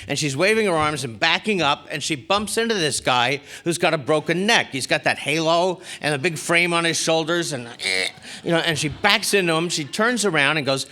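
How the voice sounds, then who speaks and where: A middle-aged man speaks at a recovery convention with a bright, forceful voice pitched a little high. He tells his story animatedly and slips into the voices of the people in it. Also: normal speed. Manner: animated storyteller acting out quoted characters. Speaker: spiritual speaker. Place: large convention hall.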